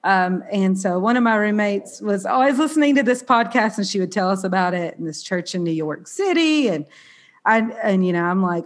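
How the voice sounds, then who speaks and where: With lively intonation and a medium pitch, a Southern-accented woman hosts a casual podcast at a moderate pace. There's a slight nasal, congested quality as she chats bubbly and self-deprecatingly.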